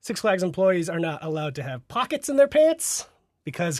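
A man's voice: sits high, big pitch swings, moderate pace, a little mellow, no echo, studio quality. A man in his thirties co-hosting a podcast, telling a laid-back story and laughing often. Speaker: podcast co-host. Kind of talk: casual chat.

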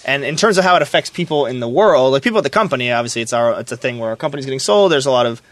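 A man co-hosting a casual podcast, talking in a relaxed, reassuring way. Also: mid-range voice, racing. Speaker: podcast co-host and studio staffer.

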